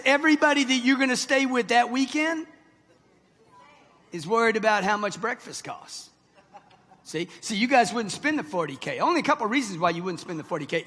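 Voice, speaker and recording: This high voice with a fairly bright tone belongs to a motivational speaker in his sixties. He gives a punchy seminar to a live audience in a large, reverberant hall, pressing them with "okay?" and "right?".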